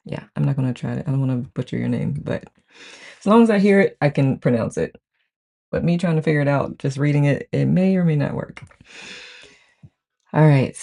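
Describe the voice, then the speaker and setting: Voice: medium pitch, vocal fry, dark tone. A host chatting casually on a live stream, greeting each viewer by name and reading the chat aloud with gushing enthusiasm. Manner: chatty, gushing, frequent "I love it". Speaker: host of a live book-study group.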